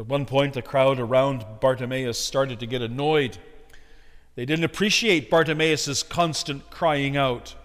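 A man preaching a sermon with earnest emphasis, swinging between loud and hushed. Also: medium pitch, fairly even intonation, measured pace, in a large hall.

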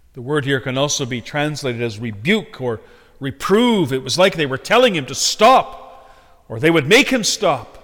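A male preacher delivering a sermon earnestly, swinging between loud emphasis and soft direct address. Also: fairly high pitch. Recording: echoey hall with long reverb.

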